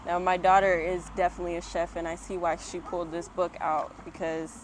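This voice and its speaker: A woman's voice: on the low side, flat delivery, a little fast, slight background noise. A mother reading a picture book aloud at home on an external mic, with chatty asides and laughing at herself. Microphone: external microphone. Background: dogs barking.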